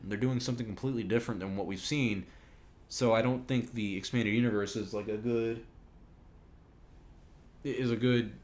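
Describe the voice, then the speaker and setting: Brief: male podcast host, mid-range voice, blunt and opinionated, casual solo Q&A delivery. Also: medium pitch. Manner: opinionated, swears when ranting. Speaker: podcast host answering viewer questions.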